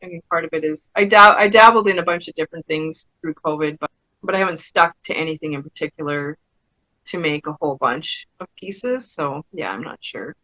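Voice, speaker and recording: A woman's voice: sits low, fairly quick, bright, forceful tone, no echo, dull audio. A woman, an artist talking in a casual interview, enthusiastic and chatty, laughing often as she tells stories. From Saskatchewan, Canada. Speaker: fibre artist and pastelist, interview guest.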